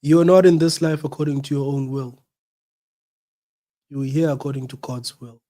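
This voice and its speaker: A man's voice: mid-range voice, steady tone, normal speed, mellow. A South African man hosting a radio show, who has the flu and coughs, speaking in an earnest, preachy way and repeating his points. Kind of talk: reflective talk-show monologue.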